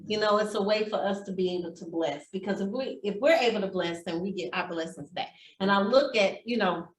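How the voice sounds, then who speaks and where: A woman's voice: medium pitch, brisk, a little hiss or hum. A woman teaching a real estate class, telling heartfelt stories about giving back. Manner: heartfelt, storytelling, speaks of blessing and giving. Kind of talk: motivational class talk. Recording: echoey room.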